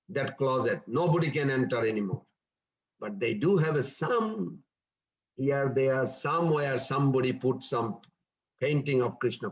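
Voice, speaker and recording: A man's voice: medium pitch, dull audio. Earnest man teaching scripture. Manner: earnest, explanatory, storytelling. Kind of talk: scripture class.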